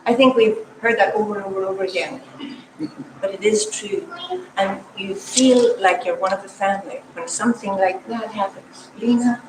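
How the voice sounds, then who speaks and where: An older woman telling an emotional personal story at a church meeting. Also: mid-range voice. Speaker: parishioner. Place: church hall. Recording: echoey hall, mic from far off, noisy.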